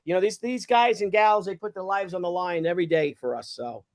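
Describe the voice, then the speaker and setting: Brief: male host, high voice, animated storyteller who acts out yelled lines and laughs a lot. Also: a little fast. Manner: acts out shouted quotes, swears, laughs often. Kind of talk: casual chat, animated storytelling.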